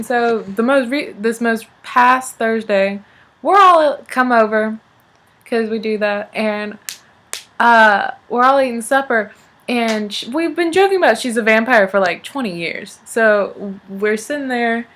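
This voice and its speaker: A woman's voice: a little high, a bit bright. A young woman, chatting casually as she tells a family story, laughing and acting out what relatives said. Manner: chatty, laughing, acts out family members' lines. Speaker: vlogger.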